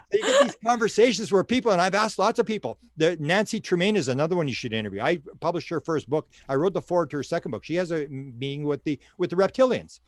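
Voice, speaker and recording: Fast-talking older man telling a story. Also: on the high side, dry recording. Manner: animated storyteller who acts out quoted dialogue; repeats words while searching for them. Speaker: interview guest, researcher. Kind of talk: storytelling in a casual interview.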